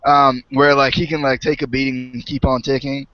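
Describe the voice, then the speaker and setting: A young man co-hosting a casual wrestling review chat, talkative and quick to laugh. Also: mid-range voice, little pitch movement, no echo. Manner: chatty, laughs often, trails off. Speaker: co-host. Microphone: online call mic. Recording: muffled lo-fi call audio.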